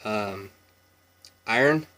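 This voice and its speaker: A young man from Washington State with a Pacific Northwest American accent, chatting casually in a relaxed, meandering way for an accent tag video. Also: fairly low pitch, very slow. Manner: relaxed, meandering, with laughs and many fillers. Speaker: vlogger.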